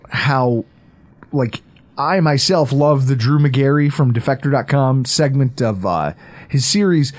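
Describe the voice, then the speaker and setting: A man in his thirties hosting a casual sports podcast, excitable and swearing freely, often laughing. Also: fairly high pitch. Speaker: podcast host.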